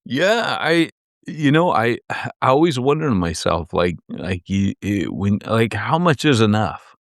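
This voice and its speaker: A man's voice: lowish voice, measured pace, no echo, clean studio sound. A man co-hosting a podcast, chatting casually and telling rambling stories with lots of restarts. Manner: animated, rambling storyteller with many restarts. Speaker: podcast co-host. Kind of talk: casual chat.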